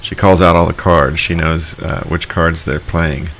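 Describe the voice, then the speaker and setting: A man with a very low voice recaps a horror film's plot in an easy, conversational way, dropping in short words of agreement. Faint room noise sits underneath. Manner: steady plot recaps, quick agreeing backchannels. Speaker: podcast co-host. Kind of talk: casual film review chat.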